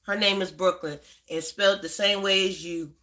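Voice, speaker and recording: A woman's voice: medium pitch, steady tone, normal speed, pushed and bright. A middle-aged woman hosting a casual livestream, chatty, greeting viewers by name and repeating herself. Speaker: livestream host.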